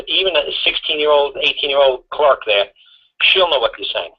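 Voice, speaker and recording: A blunt man tells long stories on a talk radio show, swearing and circling back over his own points. His voice is husky, and the radio audio sounds dull and lo-fi. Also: on the high side, animated, brisk. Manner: blunt, profane, rambling storyteller.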